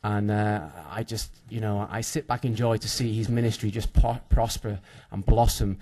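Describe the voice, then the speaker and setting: A man introduces the next speaker at a conference with eager enthusiasm. His delivery is halting, stumbling over words, with frequent fillers. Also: fairly low pitch, little pitch movement, dark tone. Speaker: conference emcee.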